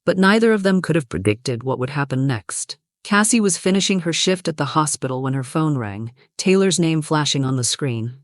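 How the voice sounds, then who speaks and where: A narrator reading a romance story in an even, steady way. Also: mid-range voice, moderate pace, hardly any pauses, no room sound, clean studio sound.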